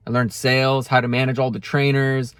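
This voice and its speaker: A man's voice: mid-range voice, flat delivery, a little fast, smooth, no echo. A man speaking earnestly to camera in a heartfelt motivational monologue, often restarting his sentences. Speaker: self-help video creator.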